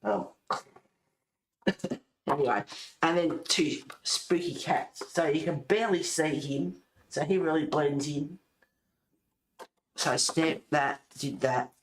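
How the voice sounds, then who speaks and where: A woman with a low-sitting voice takes her time, leaving long pauses, with slight background noise in an echoey room. She is a colouring and junk-journal vlogger chatting casually in a craft vlog, rambling and laughing often as she shows her work.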